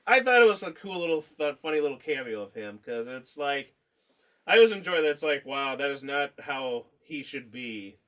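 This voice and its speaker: A man's voice: medium pitch, very animated, moderate pace, fairly bright tone. A man co-hosting a casual movie review chat, rambling, swearing freely and laughing as he talks.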